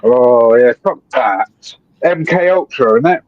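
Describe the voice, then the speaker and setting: A man, calling into a live stream and rambling excitably with plenty of swearing. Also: medium pitch, takes it slowly, no room sound. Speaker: guest caller on a live stream. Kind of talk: rambling casual chat. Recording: dull dry call audio.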